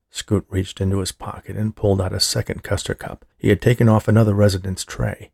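A man reading a horror story aloud as scripted narration, in a measured, deliberate manner. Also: low voice, little pitch movement, gravelly, darkish tone, a little hiss or hum.

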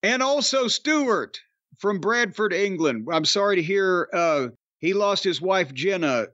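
A man's voice: high voice, lively intonation, measured pace, a bit bright, dry recording. Middle-aged man, podcast host, raised voice, profane blustering rants, dull lo-fi dry sound. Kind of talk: casual podcast chat.

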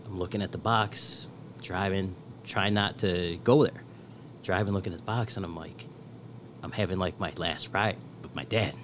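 A man in casual conversation, candid and profane, quietly emotional when telling his own story. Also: deep voice, normal speed, background noise.

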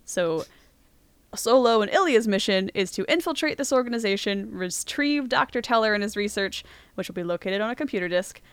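A woman podcast host recaps a film scene by scene, chatty and quick to laugh. Her voice is smooth and resonant, and it sounds dry and close, with no room around it. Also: medium pitch, expressive, no echo. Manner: chatty retelling with frequent laughs. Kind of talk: casual movie recap.

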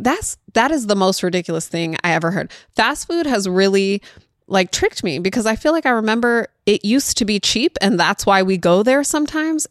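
A woman in her thirties hosting a parenting show, chatty and warmly conversational, laughing easily and peppering her talk with "like." Her pitch sits in the middle range. The recording is dry and close, with no room echo. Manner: chatty, laughs often, many "like" fillers. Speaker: parenting podcast host. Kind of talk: casual chat.

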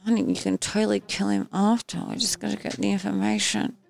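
A woman's voice: medium pitch, level tone, brisk, creaky. A woman playing a tabletop role-playing game, chatting casually and animatedly as she narrates what her character does. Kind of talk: casual role-play chat.

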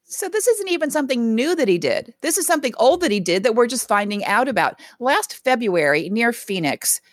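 High-voiced woman ranting about baseball. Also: brisk, no echo, clean studio sound. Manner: animated ranting, sarcastic asides. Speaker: podcast co-host. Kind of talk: casual sports chat.

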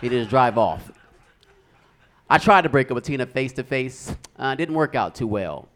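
Animated male stand-up comedian. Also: medium pitch, moderate pace. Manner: animated storytelling, acting out characters. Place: comedy club stage.

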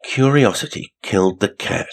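A man's voice: on the low side, lively intonation, normal speed, gravelly, voice pushed up. A man reading a story aloud and voicing a curt, unfriendly male detective. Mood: grim warning. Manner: terse and grim.

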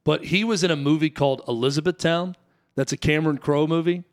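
A man's voice: on the high side, fairly even intonation, quick pace. A man co-hosting a sports talk show, musing in a casual, conversational way. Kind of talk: casual chat.

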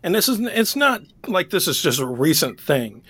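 A man's voice: a little high, big pitch swings, moderate pace, a bit bright, husky, dry recording. A man co-hosting a book podcast, chatting casually and rambling with frequent restarts. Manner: rambling, self-correcting, laughs easily. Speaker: podcast co-host. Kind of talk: casual chat.

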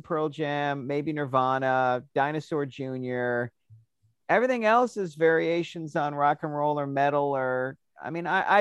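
A man's voice: fairly high pitch, no echo. Opinionated man, dry close sound. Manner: animated, opinionated, stammers when excited. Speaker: podcast co-host. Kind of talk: casual music chat.

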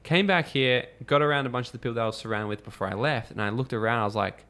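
Aussie guy on a podcast, talks quick, mid pitch, super animated, swears a lot. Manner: animated storyteller, acts out quotes, swears freely. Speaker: podcast guest. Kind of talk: casual podcast conversation.

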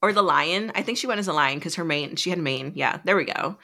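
Female co-host, very low pitch, bright and forceful tone, casual plot recap. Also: quick pace, gravelly. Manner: recaps plot in a loose, conversational way. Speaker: podcast co-host. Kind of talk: casual book chat.

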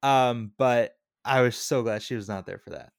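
A man's voice: mid-range voice, normal speed, creaky, clean tone, no echo, studio quality. Man musing over a film in casual chat. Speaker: podcast co-host. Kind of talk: casual movie review chat.

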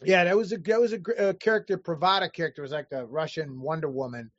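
A man telling animated, profane stories in casual chat, acting out the people he quotes. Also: fairly high pitch, quick pace, no echo, highs cut off. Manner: animated anecdotes, profane, acts out quoted voices.

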